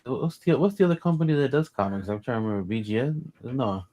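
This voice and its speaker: A man's voice: mid-range voice, animated, fast talker, mellow. A man co-hosting a livestream, thinking aloud and musing in casual chat. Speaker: livestream co-host.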